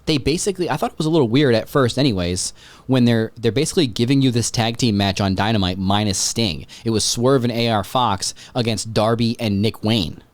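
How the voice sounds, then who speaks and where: A man hosting a podcast in casual chat, rambling and excitable, swearing freely. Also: medium pitch, a little fast, dry recording. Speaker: podcast host.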